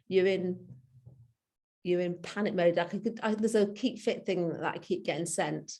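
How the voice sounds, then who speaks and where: A woman's voice: lowish voice, moderate pace, darkish tone. A woman in her fifties, a coaching client who talks things through openly, laughing often and trailing off to restart her thoughts. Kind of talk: reflective conversation.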